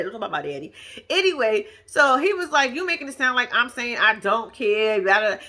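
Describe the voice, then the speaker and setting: Woman, bright lively voice, chatty slangy TV recap vlogger. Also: fairly high pitch. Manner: animated, slangy, laughs often. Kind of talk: casual recap commentary.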